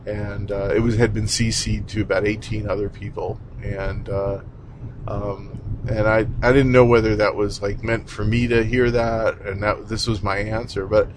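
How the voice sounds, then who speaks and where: A man with a fairly low voice tells a story in a loose, rambling way, full of "you know" and "um." He sounds blunt and easily exasperated and swears mildly now and then. Faint noise sits behind him. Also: level tone, moderate pace. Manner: rambling, conversational storytelling with many fillers. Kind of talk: casual monologue.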